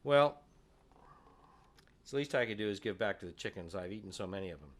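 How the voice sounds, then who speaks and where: Folksy guy teaching fiddle tunes, bright forward voice, chatty, talks it through. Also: lowish voice, animated, a little fast. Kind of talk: music workshop demonstration.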